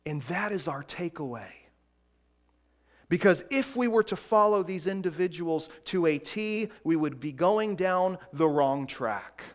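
A man preaching a sermon in a deliberate way, swinging between loud emphasis and quiet, hushed lines. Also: on the high side, animated.

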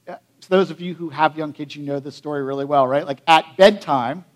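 A middle-aged pastor with a notably high voice delivers a sermon. He talks conversationally, tossing in asides and rhetorical questions as he goes. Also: a little fast.

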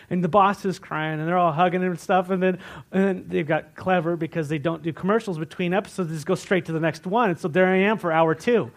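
A male pastor delivering a sermon with a fairly high-pitched voice. He tells stories in a loose, conversational way, full of restarts, dropping to near-whispers and then rising to loud, emotional bursts. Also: brisk. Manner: conversational storytelling with many restarts, swinging from hushed to loud.

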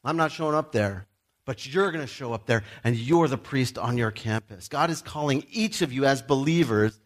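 A middle-aged man preaching a sermon as a pastor, speaking directly and emphatically to his listeners, with joking asides. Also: on the high side.

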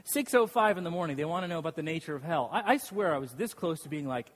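A man's voice: fairly high pitch, animated, quick pace, a little hiss or hum. A man preaching a sermon as a pastor, telling stories with self-deprecating humor and frequent laughs. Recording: long reverb of a large hall.

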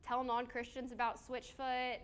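A woman's voice: a little high, little pitch movement, normal speed, smooth. A woman giving a casual sermon to a small live group on a handheld mic, chatty and self-deprecating, with fillers and questions to the audience. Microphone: handheld microphone.

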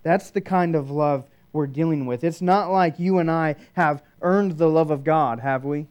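A man preaching a sermon, shifting between loud emphatic declarations and hushed, quiet passages. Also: fairly high pitch, normal speed, clean tone. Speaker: pastor.

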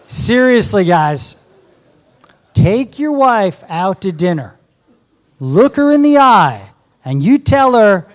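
With long pauses and a slow pace, a man in his fifties preaches in a high-pitched, sing-song voice. As guest speaker at a church service with a live audience, he exhorts the congregation directly and earnestly.

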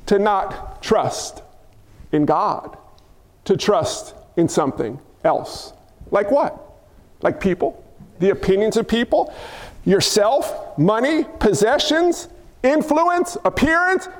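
A high-pitched man preaches to his church, casual and conversational, firing rhetorical questions at the congregation and joking with them. His voice rings out with a long hall reverb from the sanctuary. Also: expressive, slow. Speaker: pastor. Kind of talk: sermon.

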